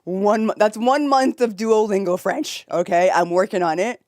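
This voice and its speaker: A woman's voice: mid-range voice, moderate pace, darkish tone, no room sound, studio quality. A young American woman streaming from bed, chatting casually with viewers, reading chat aloud and laughing often. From United States. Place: home, in bed.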